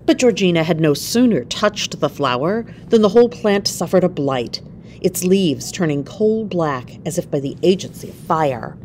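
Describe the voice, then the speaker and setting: A woman narrating a classic story aloud in an expressive, measured reading. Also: lowish voice, slight background noise. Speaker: reader.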